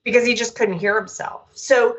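A woman dog trainer talking in a lively, storytelling way, full of quick asides. The recording is a bit dull and lo-fi, as if the highs were rolled off. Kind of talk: casual conversational chat.

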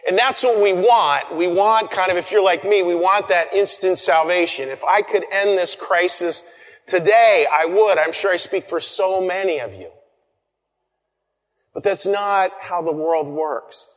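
A man preaching a sermon, earnest, repeating phrases and dropping to soft, quiet lines. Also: high-pitched. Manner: earnest, pauses and repeats phrases, drops to soft near-whispers. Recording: long reverb.

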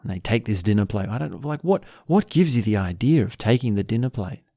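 A man giving a calm, thoughtful talk, musing aloud and asking rhetorical questions. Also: on the low side, a little fast, no echo, clean studio sound. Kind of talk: reflective spoken talk.

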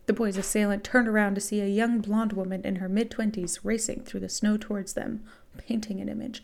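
A woman's voice: mid-range voice, flat delivery, a little fast, gravelly. A woman podcast host reading fan fiction aloud and breaking off with wry, sarcastic asides.

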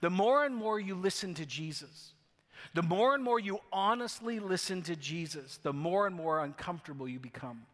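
A man preaching from the pulpit, his voice sitting a little high for a man. He is a pastor with a wry, self-mocking way of telling stories. A long reverb trails each phrase through the church. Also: expressive, normal speed, a bit bright. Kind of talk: sermon.

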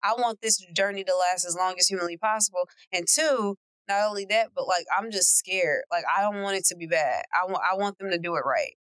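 A woman's voice: fairly low pitch, a little fast, few pauses, fairly bright tone, clean tone, dry recording. A woman co-hosting a casual podcast chat, wry and joking with slangy, offhand phrasing. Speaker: podcast co-host.

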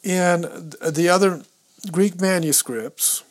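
A man with a fairly high voice talks slowly and deliberately on a podcast, walking his co-host through a Bible passage. He reads verses and Greek words aloud, stumbles over the pronunciation, and thinks out loud as he hunts through his books. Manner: explains step by step, thinks aloud while leafing through books. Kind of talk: casual teaching talk on scripture.

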